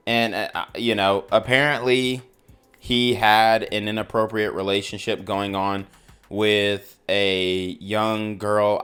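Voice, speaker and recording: A man hosting a news commentary channel, reacting in casual talk with drawn-out exclamations. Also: on the low side, a bit bright, clear, resonant tone. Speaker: host reacting to news clips.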